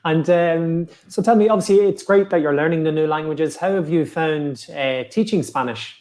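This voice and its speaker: A man hosts a live online chat, asking his guest steady, encouraging questions. His voice sits a little above the usual male pitch. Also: normal speed. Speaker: host. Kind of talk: live interview hosting.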